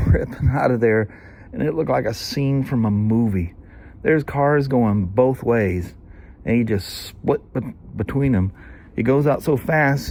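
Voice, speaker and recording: A man's voice: fairly low pitch, darkish tone, a little hiss or hum. A man in his sixties with a Southern US accent, telling a long, rambling story in casual vlog chat, full of "you know" and "anyway". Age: 60s. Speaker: vlogger.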